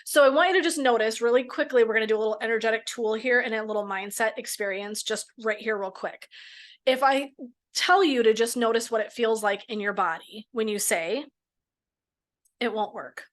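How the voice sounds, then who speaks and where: A woman's voice: a little high, brisk. Frank middle-aged woman coaching. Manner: guides listeners through exercises, casual and frank, swears for emphasis. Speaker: midlife coach and therapist. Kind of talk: coaching talk in a podcast.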